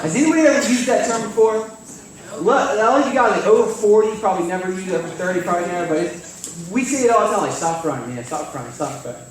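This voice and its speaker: A young man giving a sermon at a church, telling a story in an animated, joking way. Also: high-pitched. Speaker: youth speaker. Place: church sanctuary. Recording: very echoey hall, far from mic, faint noise.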